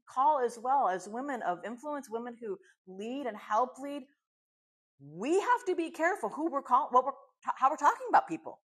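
A woman's voice: on the high side, fairly bright tone, husky. A woman teaching a women's Bible study, chatty and encouraging, who fires off rhetorical questions and answers them herself. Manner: chatty and encouraging, with fillers and restarts.

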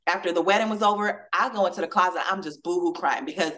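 A woman guest on a podcast, telling a personal story in an animated way and acting out the dialogue. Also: fairly low pitch, quick pace. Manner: acts out quoted dialogue with lively shifts; emotional, testimonial tone.

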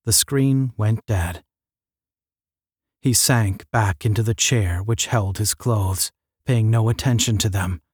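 A man narrating a science fiction audiobook in a steady, measured reading. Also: on the low side, breathy edge, no echo, clean studio sound.

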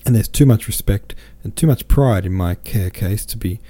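A plain-spoken old sea captain, as a man reads him, rough in the throat and blustering. The tone is dark and low-pitched. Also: moderate pace. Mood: indignant. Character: blunt, gruff old sea-pilot captain father.

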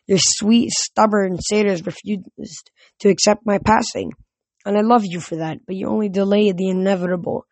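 A woman voicing an ancient, fading nature god who speaks slowly and solemnly. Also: medium pitch, steady tone, gravelly, a little mellow, no echo. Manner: slow, solemn, forlorn.

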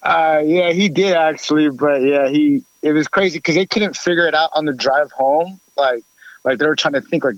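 A man telling a long story in casual chat, rambling with many fillers and lively quoted voices. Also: fairly high pitch, moderate pace, no echo, highs cut off.

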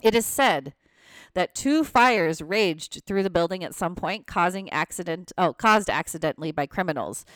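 Animated woman telling ghost stories. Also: on the low side, moderate pace, no room sound. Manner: animated, laughs often, reads facts with asides. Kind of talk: casual storytelling chat.

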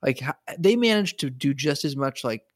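A man's voice: medium pitch, animated, normal speed, no room sound, clean studio sound. Hesitant, thoughtful man in casual talk. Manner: thoughtful, hesitant, restarts while searching for words. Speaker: podcast co-host. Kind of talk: casual discussion.

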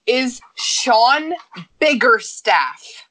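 Bright-voiced teasing woman. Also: on the high side, expressive, drawn-out words. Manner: frank, teasing banter. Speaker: podcast co-host. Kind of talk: casual chat.

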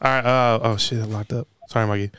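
A man hosting a sports podcast, steady and agreeable, keeping the show moving through the picks. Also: mid-range voice, fast talker, smooth, dry recording. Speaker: podcast host running the picks. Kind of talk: casual sports chat.

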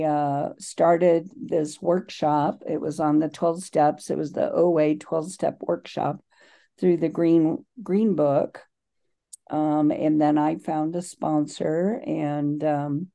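A woman giving a personal recovery share at a twelve-step meeting, halting and full of ums and restarts, heard over a video call. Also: deep voice, gravelly, warm tone.

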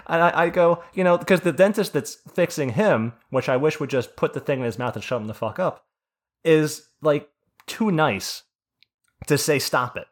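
A man's voice: fairly high pitch, moderate pace. A man from New Jersey telling a story in casual podcast chat, swearing freely and acting out the people he quotes. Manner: animated, profane, acts out quotes. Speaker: podcast host.

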